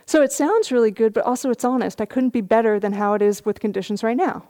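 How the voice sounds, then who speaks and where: During a dharma talk at a retreat, a middle-aged meditation teacher recounts a story softly, with light laughs along the way. She talks fast, in a voice on the high side.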